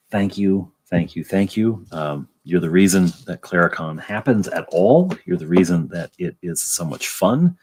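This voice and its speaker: A man hosting a casual livestream, chatting with viewers in a rambling way with lots of pauses and restarts. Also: deep voice, darkish tone. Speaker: convention organizer and livestream host.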